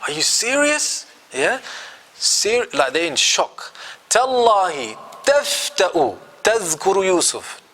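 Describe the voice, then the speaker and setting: A man's voice: fairly high pitch, sharp tone. A man teaching a Quran commentary class, quizzing his students and acting out quotes.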